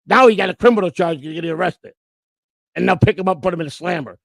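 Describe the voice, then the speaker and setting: A man's voice: high voice, fast, vocal fry, no echo. A man co-hosting a casual livestream chat, rambling and boastful, repeating his words as he goes. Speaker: co-host.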